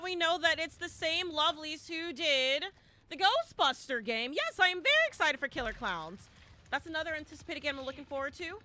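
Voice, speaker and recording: A woman commentates her live game in a high, lively voice that swings widely in pitch. She chats with her viewers, repeats her phrases and breaks into shouts. Steady noise sits under her stream audio. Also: a little fast. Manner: animated, exclaiming and shouting at the game; talks to chat and teammates, repeats phrases. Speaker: gaming streamer.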